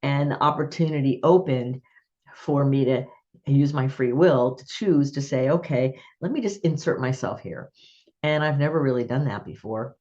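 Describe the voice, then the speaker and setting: In a muffled recording, a podcast host chats through an interview and tells personal anecdotes, laughing a lot. Her voice is very deep and a little mellow, moving at a normal speed.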